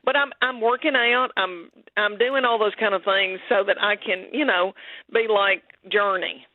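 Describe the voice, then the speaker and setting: A woman's voice: medium pitch, fairly even intonation, normal speed, no room sound, narrow, tinny audio. A middle-aged woman with a thick Southern American accent, a comedian chatting as a radio guest in a folksy way, calling people honey and darling. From Southern United States. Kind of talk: radio interview chat.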